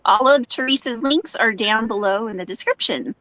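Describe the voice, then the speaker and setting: A woman hosting a live crochet show, chatting casually, going off on quick asides and reading viewer comments aloud. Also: on the high side, a bit bright, no room sound, highs cut off. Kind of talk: casual chat on a live video call.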